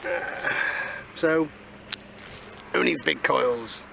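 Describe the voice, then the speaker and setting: In a mid-range voice that's creaky, pushed and bright, a man speaks extremely slowly while metal detecting in a field. He gives a chatty, cheeky running commentary with asides and says "moving on" a lot, with outdoor noise behind him.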